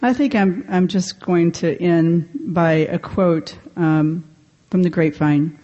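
Woman speaker, mellow tone, candid and self-mocking, live recovery talk at a convention. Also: lowish voice, takes it slowly, muffled recording. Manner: candid, self-deprecating, laughs often. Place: convention meeting room.

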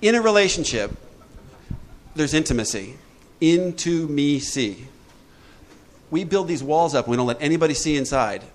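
A man leading a recovery group talk, lively and joking, acting out little voices as he explains. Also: fairly high pitch, brisk. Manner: lively, jokey, acts out voices. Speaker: recovery workshop speaker.

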